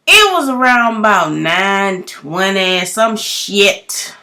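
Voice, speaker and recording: A young woman, telling a story in a loud, profane vlog rant full of emphatic rhetorical questions. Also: mid-range voice, expressive, extremely slow, pauses often. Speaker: vlogger.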